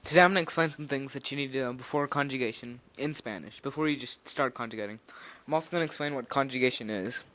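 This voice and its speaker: A man's voice: medium pitch, fast, hardly any pauses, fairly bright tone. A nervous young man giving an informal spoken language lesson, rambling a little with fillers and restarts as he explains. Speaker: language teacher.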